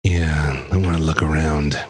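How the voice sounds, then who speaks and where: A man's voice: a bass voice, fairly even intonation, unhurried, slight background noise. A man playing a tabletop game, joking and bantering with the table. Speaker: player.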